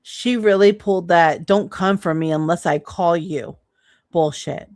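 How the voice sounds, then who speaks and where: A woman's voice: fairly low pitch, measured pace, darkish tone, no room sound, clean studio sound. A woman streamer reacting to clips in casual commentary, laughing, mocking and swearing freely.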